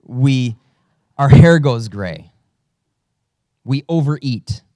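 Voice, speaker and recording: A man's voice: medium pitch, animated, drawn-out words, dark tone, dry recording. A man who is a father, a pastor giving a conversational sermon with storytelling and self-deprecating humor. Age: adult father.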